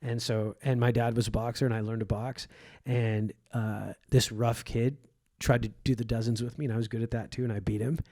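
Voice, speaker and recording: His delivery is flat and a little fast, in a mid-range, somewhat mellow voice with no room sound. The man, an Egyptian comedian on as a guest, shares vivid memories of growing up conversationally, acting out each quoted person.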